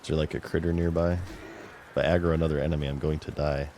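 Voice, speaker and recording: A man's voice: very deep voice, fast talker, a little hiss or hum. A man streaming a game, chatting casually and muttering to himself as he plays. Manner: relaxed, chatty, mutters to himself while playing. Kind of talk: casual gameplay commentary.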